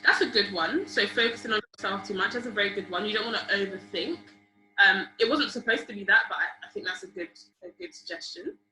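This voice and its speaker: A woman's voice: mid-range voice, fast, faint music behind. Encouraging young woman teaching on a video call. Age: young adult. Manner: lively, encouraging, asks the group questions. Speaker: public speaking workshop leader. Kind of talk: online seminar teaching. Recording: roomy video call audio.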